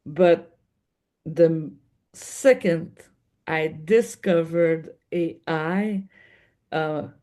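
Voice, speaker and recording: This is a woman with a Québécois French accent whose first language is French, speaking as a guest in an interview. She talks slowly and hesitantly, often restarting as she looks for the right English word. Her voice is warm and mellow. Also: low-pitched. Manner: hesitant, searching for words with restarts. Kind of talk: interview conversation.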